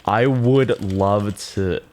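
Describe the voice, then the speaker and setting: A man streaming casually, reacting to viewers' posts in an excitable, sweary way. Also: fairly low pitch, extremely slow. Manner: excitable, swears freely, jumps between mumbling and loud outbursts.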